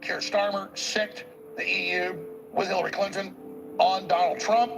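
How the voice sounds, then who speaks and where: A man's voice: high voice, steady tone, measured pace, vocal fry, music in the background. A man hosting a talk show, delivering a rambling, emphatic political monologue and repeating words as he presses each point.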